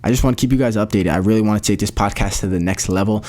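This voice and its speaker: A man's voice: low voice, rapid-fire, hardly any pauses, darkish tone. A young man hosting his own podcast, talking casually in a slangy, rambling way with lots of restarts. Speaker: podcast host. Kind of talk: solo podcast update.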